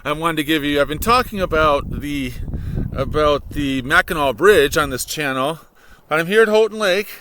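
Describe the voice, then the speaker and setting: A man's voice: fairly high pitch, normal speed, sharp tone, slight background noise, low-quality recording. A man with a Michigan accent chatting casually while walking on a frozen lake, rambling and correcting himself as he goes. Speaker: vlogger, high school worker. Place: outdoors on a frozen snowy lake. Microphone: laptop held while walking.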